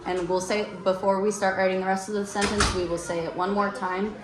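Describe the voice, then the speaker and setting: A woman teacher leading a small-group reading lesson, patient and encouraging, slowing down to explain letter sounds. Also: medium pitch, level tone, echoey room, noisy background. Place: classroom.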